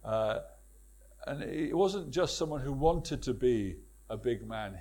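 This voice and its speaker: A man's voice: mid-range voice, expressive, takes it slowly, darkish tone. A man preaching a sermon with emphatic repetition and rhetorical questions to his congregation.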